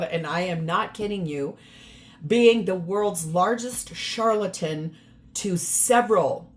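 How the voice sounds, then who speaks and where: Emphatic lower-voiced woman reading tarot. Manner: emphatic and exasperated, repeats words for stress. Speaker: tarot reader. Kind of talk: casual tarot reading to camera.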